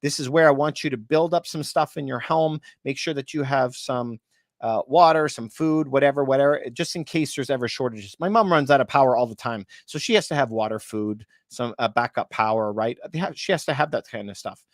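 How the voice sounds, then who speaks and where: A man with a medium-pitched voice speaks a little fast, recorded in clean studio sound without echo. As a real estate and market commentator, he chats casually about the economy, throws out rhetorical questions to "you guys," and sometimes laughs shortly at the absurd bits.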